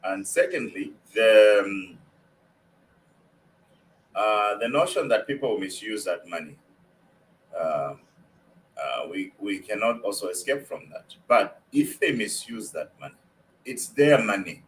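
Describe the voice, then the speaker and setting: Guy, lowish voice, keeps repeating his points, bit of noise behind. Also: expressive, unhurried, long pauses, rough recording. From Zambia. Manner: emphatic, repeats key points. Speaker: guest economist. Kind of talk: public policy discussion.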